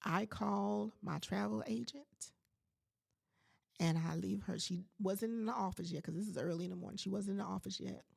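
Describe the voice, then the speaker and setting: A woman in her forties hosts her own podcast and tells a personal story straight to her listeners. Her voice is heavily gravelly with a husky edge. She sounds animated and emphatic throughout. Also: mid-range voice, normal speed. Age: 40s. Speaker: podcast host. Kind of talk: casual storytelling monologue to listeners.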